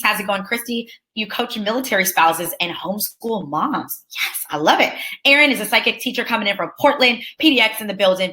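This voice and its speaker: Bright, upbeat young woman hosting live. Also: mid-range voice. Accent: Californian. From Southern California. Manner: upbeat, chatty, reads names aloud with quick enthusiastic reactions. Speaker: webinar host. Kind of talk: live webinar greeting attendees.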